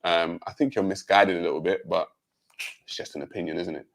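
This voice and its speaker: A man with a British accent, giving a measured, pointed rebuttal on a livestream panel, with many um fillers. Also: deep voice, fairly even intonation, gravelly. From Jamaica. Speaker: panel guest.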